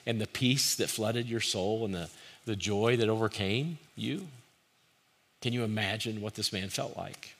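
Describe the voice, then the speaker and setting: Bright-voiced man preaching earnestly. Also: on the low side, measured pace. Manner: earnest, rising to forceful emphasis, dropping to hushed pleading in quotes. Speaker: pastor. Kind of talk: sermon.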